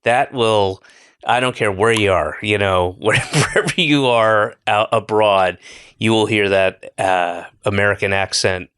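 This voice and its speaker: A man's voice: lowish voice, a little slow, fairly bright tone, clean tone, no echo, studio quality. Man rambling, profane podcast host. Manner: rambling, profane, jokey storytelling with mimicked voices. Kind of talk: casual chat.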